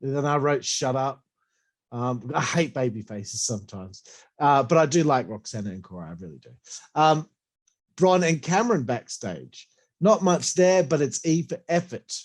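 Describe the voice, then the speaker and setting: A man's voice: medium pitch, expressive, normal speed. A man with a runny nose giving a blunt, profane, ranting review of a wrestling show. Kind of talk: casual opinionated review.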